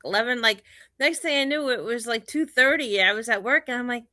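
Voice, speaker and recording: An animated woman guest on a video call. She tells her story in quick bursts and quotes her own thoughts. Her voice is bright and a little high, and the sound is dry and close. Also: no echo. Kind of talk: casual video chat interview.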